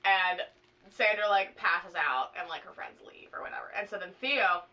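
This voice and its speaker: A young woman vlogger casually retelling a plot to a friend, animated and full of swearing and fillers. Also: on the low side, moderate pace, far from the mic, rough recording.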